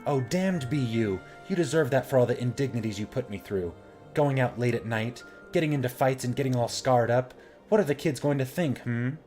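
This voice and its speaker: A man voicing a sweet, timid young woman who talks gently and apologetically while reading game dialogue. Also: lowish voice, expressive, moderate pace, faint music behind, close to an everyday voice. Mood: mock anger.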